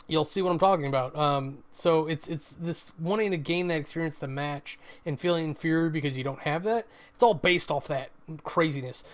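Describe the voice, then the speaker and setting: A man's voice: a little high, smooth. A man hosting a web show, chatting casually about what he has watched, rambling with lots of fillers and some swearing. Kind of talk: casual review chat.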